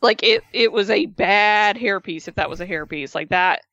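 A woman's voice: mid-range voice, normal speed, fairly bright tone, no echo, highs cut off. A woman co-hosting a casual podcast, recapping a reality show with chatty storytelling and playful put-on voices for the people she quotes. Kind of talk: casual chat.

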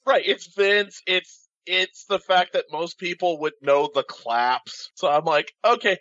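A man co-hosting a casual podcast, excitable and laughing partway through his sentences. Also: high voice, unhurried, no room sound. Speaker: podcast co-host. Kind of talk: casual wrestling podcast chat. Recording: slightly dull lo-fi sound.

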